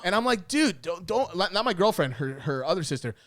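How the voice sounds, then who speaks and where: A young man from Puerto Rico, a podcast co-host, telling a story in casual chat, profane and animated, acting out what people said. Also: high voice, fairly quick. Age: young adult.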